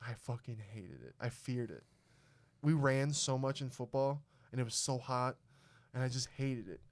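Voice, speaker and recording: Profane storytelling man with a smooth voice. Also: medium pitch, moderate pace. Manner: profane, animated storyteller who acts out quotes. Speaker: podcast host. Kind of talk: casual podcast storytelling.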